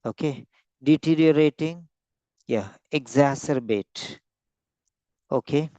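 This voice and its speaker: A man teaching vocabulary in an online lesson, slowly repeating and stretching out each word for emphasis. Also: a little high, mellow, no echo. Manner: slow, repeats words, stretches them out to stress them. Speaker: English teacher.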